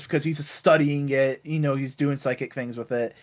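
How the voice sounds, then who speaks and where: A man casually recapping comic storylines, acting out characters in quick bits and swearing freely. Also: on the high side. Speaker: podcast co-host recapping comics. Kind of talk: casual chat.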